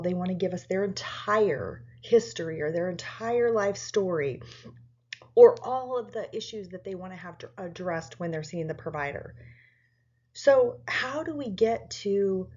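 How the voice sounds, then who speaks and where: A woman presenting a training webinar for medical office staff, calmly acting out polite scripts for difficult callers. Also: mid-range voice, moderate pace, husky, muffled recording. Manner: calm, practical, acts out polite staff phrases. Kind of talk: instructional webinar talk.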